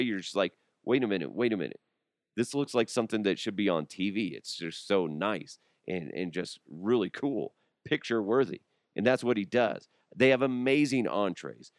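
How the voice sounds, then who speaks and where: A man's voice: on the low side, smooth, dry recording, studio quality. A middle-aged man hosting a radio show in a casual comedic chat, rambling and joking with frequent laughs.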